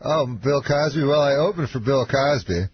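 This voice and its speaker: A male comedian guest telling a long story on a radio talk show in a rambling, deadpan way full of fillers. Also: medium pitch, normal speed. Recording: muffled broadcast with hiss.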